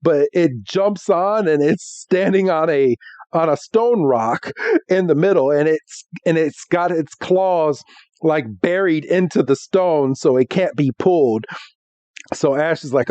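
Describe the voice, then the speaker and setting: A man's voice: fairly high pitch, measured pace, a little mellow, no room sound. A man co-hosting a podcast in casual chat, laughing often as he recaps an episode and acts out the characters' lines. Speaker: podcast co-host. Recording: dull, muffled podcast audio.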